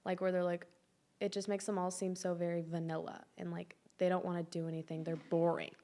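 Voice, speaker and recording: A teenage girl co-hosting a casual chat podcast, chatty and trailing off into soft asides. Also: fairly low pitch, flat delivery, brisk. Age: teens. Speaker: podcast co-host.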